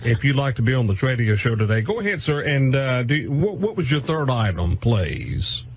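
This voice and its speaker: A man's voice: mid-range voice, sing-song, normal speed, a little hiss or hum. Radio show host guy, polite and patient, bouncy intonation. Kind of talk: call-in radio hosting.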